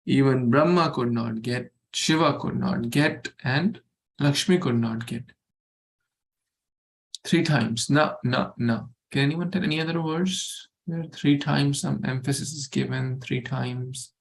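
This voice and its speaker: A man teaching a scripture verse to a study group, going slowly, repeating words and asking the group questions. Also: medium pitch, creaky.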